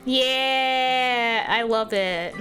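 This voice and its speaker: A woman's voice: fairly high pitch, very slow, fairly bright tone, soft background music. A woman streamer in casual let's-play chat, giggly and rambling as she talks over a game. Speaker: gaming streamer.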